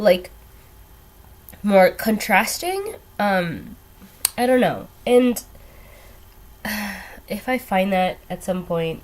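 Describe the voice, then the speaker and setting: A woman's voice: medium pitch, lively intonation, takes it slowly, long pauses, darkish tone. A young woman chatting casually while doing her makeup at home, rambling and hesitant with lots of ums and trailing asides. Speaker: beauty vlogger. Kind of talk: casual get-ready-with-me chat.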